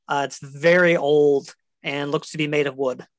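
A woman narrating a tabletop game as game master, relaxed with fillers and restarts. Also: deep voice, moderate pace, dry recording.

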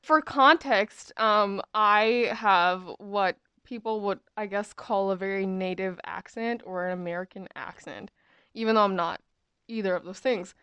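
A young woman in her twenties rambles through a casual storytime, full of fillers and asides. Her voice is clean and smooth. It sits close and dry, with no room around it. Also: medium pitch, a little slow, pushed and bright, dry recording. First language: English. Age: 20s. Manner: chatty, rambling, many "um" and "like" fillers.

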